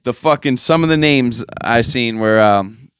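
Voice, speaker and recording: Young male podcast host, exasperated profane rant, crisp voice, dry close mic. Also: medium pitch, measured pace, no room sound. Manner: swearing, exasperated ranting.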